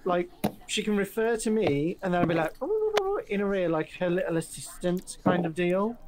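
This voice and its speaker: A woman's voice: fairly low pitch, fairly even intonation, moderate pace, very noisy. A woman with an English accent playing a tabletop game, chatty and a little hesitant, over an online call. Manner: chatty, hesitant, lots of likes. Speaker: player. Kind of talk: casual tabletop game chat.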